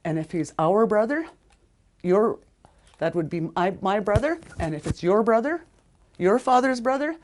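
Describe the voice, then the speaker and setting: A woman's voice: medium pitch, expressive, moderate pace, a little mellow. A woman teaching a language lesson, repeating each word several times and correcting herself as she goes.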